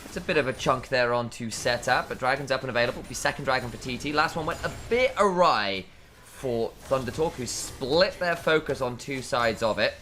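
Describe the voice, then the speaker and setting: A man's voice: medium pitch, lively intonation, brisk, bright, forceful tone, slight background noise. English male esports play-by-play caster. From England. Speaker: esports commentator. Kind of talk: live play-by-play commentary.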